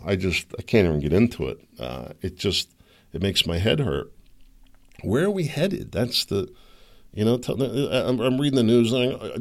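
A man's voice: mid-range voice, fairly bright tone. A middle-aged man hosting a solo podcast, rambling and opinionated, with sarcastic asides. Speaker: podcast host.

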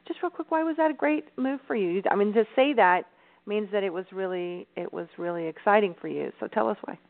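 A woman co-hosts a talk show with an upbeat, encouraging manner as she draws out her guest. Her voice has a gravelly fry and comes through a narrow, phone-like line. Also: medium pitch, fairly quick. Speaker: podcast co-host. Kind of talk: casual radio chat. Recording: phone-like call-in audio.

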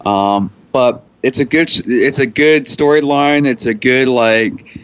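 A man co-hosting a casual wrestling talk show, halting often with ums and restarts. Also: medium pitch, smooth, no echo, lo-fi sound. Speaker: podcast co-host.

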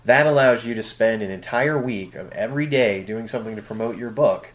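A man co-hosting a casual panel chat about book promotion, animated, acting out examples in a mocking voice. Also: lowish voice, a little fast. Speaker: podcast co-host.

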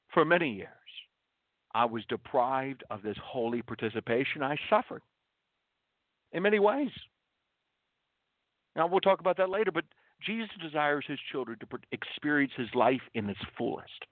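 A man's voice: medium pitch, no room sound. A man preaching earnestly as a radio host, leaning on repeated rhetorical questions and stressed words. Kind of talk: radio sermon. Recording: dry, tinny phone-like broadcast audio.

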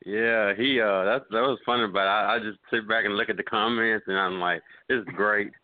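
A man with a lowish voice talks in a relaxed, laid-back way. The sound is dry and thin, like a phone call. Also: brisk, dry recording. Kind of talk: casual chat.

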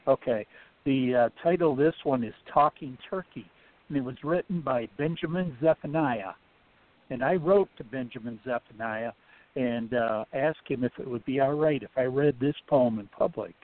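A man's voice: medium pitch, moderate pace. Man reading a poem over the phone. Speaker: caller reading poetry. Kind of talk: slow poetry reading. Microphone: phone call. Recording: tinny phone line.

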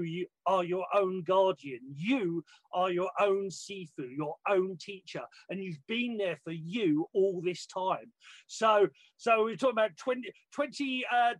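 High-voiced British man, halting speech. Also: fairly bright tone, no echo, rough recording. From Britain. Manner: halting, many "uh"s, earnest. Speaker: panel guest, Qigong and Reiki practitioner. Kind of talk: casual spiritual sharing.

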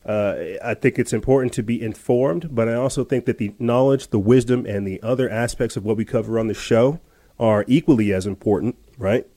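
A man's voice: mid-range voice, fairly quick, dark tone, no room sound. A man hosting a podcast, telling a story in a rambling casual way with many restarts and laughs. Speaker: podcast host. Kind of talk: casual chat.

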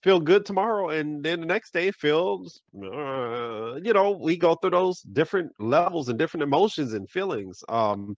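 A man's voice: a little high, animated, normal speed, hardly any pauses, no room sound, highs cut off. A man hosting a podcast, telling stories casually and backing his guest with "right, right". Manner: storytelling with repeated "right, right" and "I'm like". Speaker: podcast host.

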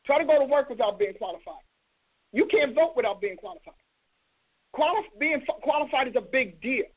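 A woman's voice: sits high, expressive, brisk, husky. A woman hosting a preaching broadcast, emphatic and scolding, with rhetorical questions. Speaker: host and preacher. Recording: tinny phone-line sound.

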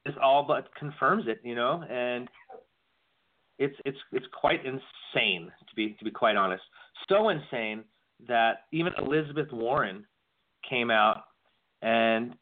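A man's voice: medium pitch, measured pace. Man chatting on a tinny lo-fi line. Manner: rambling, repeats words when starting sentences. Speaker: podcast co-host. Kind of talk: casual political chat. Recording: tinny phone-like lo-fi audio.

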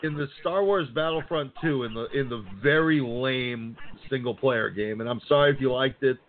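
A man co-hosting a podcast in casual chat, animated and profane, often acting out quotes. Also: mid-range voice, normal speed, a little hiss or hum. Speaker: podcast co-host. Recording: tinny phone-like sound.

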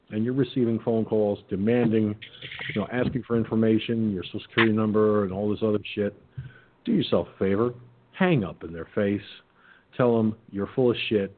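A man's voice: on the low side, slight background noise. A man hosting a call-in radio show, telling stories in a blunt, profane way, over a phone-like line. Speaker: talk radio host.

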